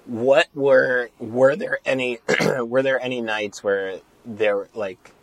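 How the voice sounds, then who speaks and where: A man's voice: medium pitch, fairly even intonation, slow, rough recording. A man hosting a casual interview who jokes around and swears freely. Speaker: podcast host.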